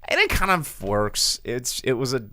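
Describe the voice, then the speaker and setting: A man's voice: mid-range voice, wildly swooping pitch, moderate pace, pushed and bright, no room sound. A man hosting a casual movie review chat, rambling with lots of fillers and restarts. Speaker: podcast host.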